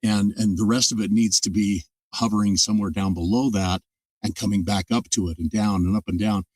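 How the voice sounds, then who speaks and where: Older male narrator as guest, low-voiced, thoughtful explainer, mic a little distant, dry sound. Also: fairly even intonation, fairly quick, darkish tone, husky, no room sound. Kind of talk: casual interview talk.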